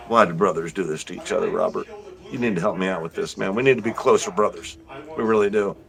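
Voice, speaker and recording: A man hosting a livestream, reading chat comments aloud and teasing viewers in a profane, joking way, swinging from loud bursts to low mutters. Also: brisk, creaky, long pauses, poor audio.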